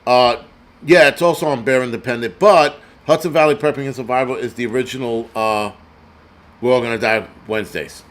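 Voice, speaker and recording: A man's voice: medium pitch, a little fast, fairly bright tone. Crude ranting male prepper host. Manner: reads donor names aloud. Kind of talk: profane live-stream commentary.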